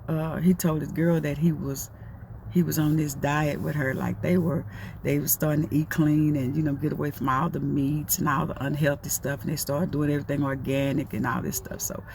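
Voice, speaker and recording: A woman's voice: low-pitched, little pitch movement, moderate pace, creaky, darkish tone, a little hiss or hum. A middle-aged woman giving a casual, preachy motivational talk, folksy and repetitive. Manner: folksy, preachy, repeats herself. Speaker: motivational talker.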